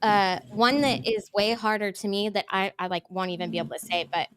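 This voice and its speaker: A woman's voice: medium pitch, fairly even intonation, fairly quick, fairly bright tone, slight background noise. A woman hosting a livestream, chatting casually and rambling with lots of "like". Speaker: YouTube livestream host. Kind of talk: casual chat.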